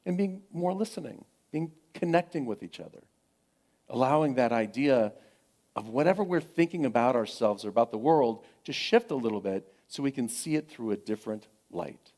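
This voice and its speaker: A middle-aged man preaches a sermon to his congregation at a spiritual center. His voice sits at an ordinary pitch for a man, and he repeats his phrases softly and encouragingly, pausing often between thoughts. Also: lively intonation. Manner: gentle, repetitive encouragement with frequent pauses. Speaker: pastor.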